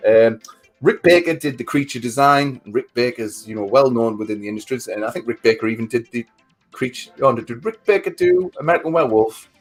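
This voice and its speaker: A man's voice: medium pitch, animated, a little fast, faint music behind. A man co-hosting a livestream, recapping a movie plot in a rambling, sweary way. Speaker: livestream co-host. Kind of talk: casual movie chat.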